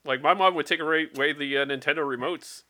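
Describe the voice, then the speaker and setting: A man from the US Northeast in casual podcast chat, easygoing and quick to agree. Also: a little high, pushed and bright.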